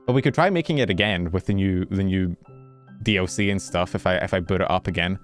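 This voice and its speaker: VTuber host, casual rambling talker, low-ish voice, catches breath between tangents. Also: male voice, fast, soft background music. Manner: rambling, self-interrupting, animated. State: slightly out of breath. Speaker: VTuber streamer. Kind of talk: casual chat with stream viewers. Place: warm bedroom.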